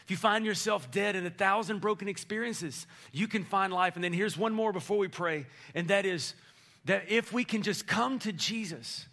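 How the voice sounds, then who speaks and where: A male pastor preaching an energetic, playful sermon, rallying his congregation in a church. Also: high voice, moderate pace, vocal fry. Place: church sanctuary.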